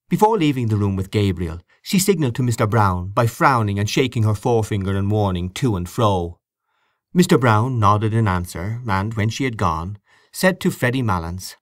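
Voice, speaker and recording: A man narrating a literary audiobook in a measured, expressive way. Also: fairly low pitch, dry recording, clean studio sound. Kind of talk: audiobook reading of literary fiction.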